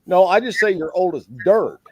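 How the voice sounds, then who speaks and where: A man's voice: sits high, lively intonation, moderate pace, no echo, lo-fi sound. A man bantering and teasing his friends in casual chat on a live stream. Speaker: open mic guest.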